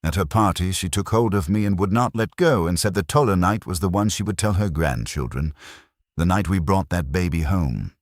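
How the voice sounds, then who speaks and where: A man with a remarkably low, heavy voice narrates a first-person horror tale. He speaks in a measured, somber, confessional way. The sound is dry and close, with no room echo.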